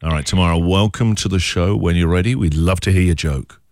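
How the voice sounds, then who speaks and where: A male radio breakfast host bantering with callers, quick with teasing asides. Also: low voice, darkish tone, dry recording, clean studio sound.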